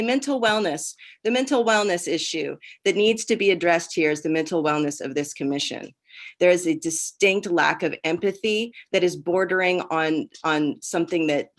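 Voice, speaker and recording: A woman calling in to a public meeting, furious, profane and accusing. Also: fairly low pitch. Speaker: public commenter. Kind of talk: angry public comment.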